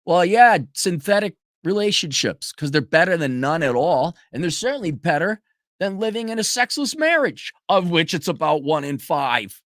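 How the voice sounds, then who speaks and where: A sarcastic man rants on a commentary stream, his pitch leaping up and down as he swears and mocks. His voice is dry and close, with no room sound around it. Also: big pitch swings, moderate pace, fairly bright tone, dry recording. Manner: profane, sarcastic, swings into mocking voices. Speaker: commentary show host. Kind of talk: livestream rant commentary.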